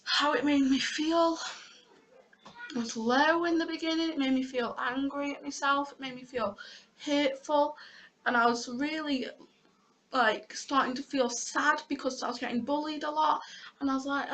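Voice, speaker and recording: A young woman speaks to camera in a personal vlog, her voice high and heartfelt. She talks frankly, swears casually, and sounds close to tears. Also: fairly bright tone. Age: young adult. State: near tears. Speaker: vlogger.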